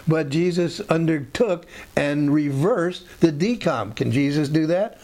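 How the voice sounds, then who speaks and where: A man's voice: a little high, a little slow, darkish tone. A man giving an informal Bible teaching in a conversational, rambling way, with frequent restarts and asides.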